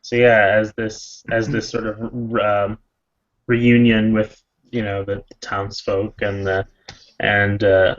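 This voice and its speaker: A man narrates his character's actions at a game table in a lowish voice. He rambles and restarts often. The sound is dull and lo-fi. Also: completely flat delivery, slow. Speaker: player. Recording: dull lo-fi audio.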